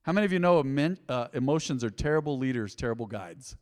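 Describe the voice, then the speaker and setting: A middle-aged man preaching a sermon in a church, passionate and emotional, swinging between loud excitement and quiet, earnest talk. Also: medium pitch, quick pace. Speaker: pastor. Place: church sanctuary. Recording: long hall reverb.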